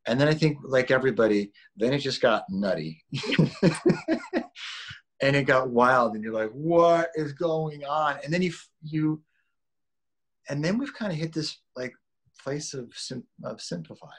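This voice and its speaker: A man in his forties, an actor being interviewed, talking in a relaxed, rambling way with restarts and laughs. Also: medium pitch, moderate pace, husky. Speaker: actor guest. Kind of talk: casual interview chat.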